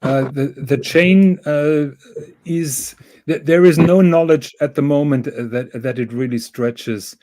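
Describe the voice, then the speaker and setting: A man's voice: a little high, unhurried, mellow, no echo. A man explaining things carefully and patiently on a livestream, with some fillers. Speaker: guest on a watch livestream. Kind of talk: casual livestream chat.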